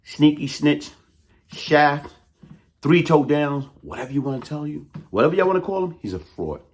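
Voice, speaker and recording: A man's voice: on the high side, expressive, moderate pace. A man delivering a heated, taunting call-out monologue in blunt street talk. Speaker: YouTube commentator.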